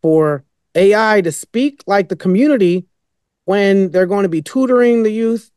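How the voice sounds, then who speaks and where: A man's voice: sits high, normal speed, darkish tone, clean tone, no echo, clean studio sound. A man speaking as a podcast guest, rambling and emphatic in casual storytelling. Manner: rambling, many fillers and restarts, emphatic.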